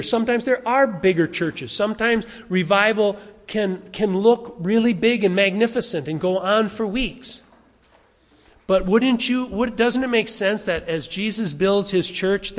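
An older man, a pastor preaching a sermon in a conversational way, asking the congregation questions. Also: high voice. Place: church sanctuary. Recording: long reverb of a church hall.

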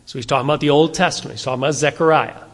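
A man's voice: on the high side, racing, in a large hall. A man preaching a sermon, speaking conversationally and asking his listeners rhetorical questions. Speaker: pastor.

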